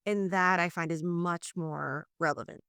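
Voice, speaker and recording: Her fairly low, resonant voice is clear and unhurried, captured dry with clean studio sound. This guest, a leadership communication coach from New Orleans in the US South, explains ideas in a conversational interview by video call and dramatizes quoted exchanges in spirited voices.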